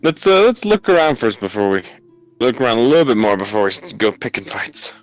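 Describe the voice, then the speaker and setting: A man playing a tabletop game, talking in a playful, hurried way. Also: on the low side, very animated, no echo, faint music behind, rough recording. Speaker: player. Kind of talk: tabletop role-play banter.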